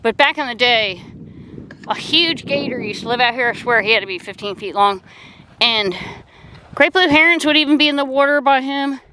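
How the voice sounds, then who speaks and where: A woman's voice: sits high, normal speed, pushed and bright, a little hiss or hum, rough recording. A woman vlogging outdoors by a pond, talking casually into a handheld camera as she walks, chatty and rambling, correcting herself as she goes. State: out of breath. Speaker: nature vlogger. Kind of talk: casual walking narration. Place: outdoors at a wildlife refuge pond.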